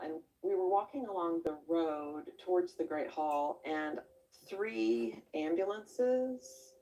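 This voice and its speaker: A woman gives a documentary interview about her time as a camper. She speaks in a lowish voice, reflective and halting, with pauses. She sits a bit away from the microphone. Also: mellow, recorded from a distance, a little hiss or hum, low-quality recording.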